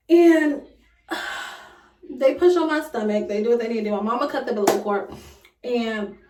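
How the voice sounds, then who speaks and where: A young woman vlogger, casually retelling a personal story with dramatic, loud acted quotes. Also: high voice. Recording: echoey room, voice a bit far from mic.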